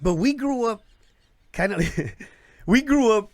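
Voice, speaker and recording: A man from the south side of Chicago tells rough neighborhood stories as a comedian, his pitch sitting a little high and swinging widely as he acts out each voice. The sound is dry and close, with little room around it. He swears freely and laughs through his own punchlines. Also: lively intonation, slow pace, darkish tone, dry recording. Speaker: guest comedian. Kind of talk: casual storytelling with profanity. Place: live show venue.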